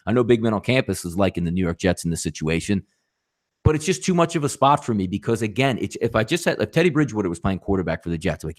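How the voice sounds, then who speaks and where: Man, sports betting host, animated, rhetorical questions, mid-pitch voice. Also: fast. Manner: animated, rhetorical questions, addresses viewers as folks. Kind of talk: live sports betting talk show.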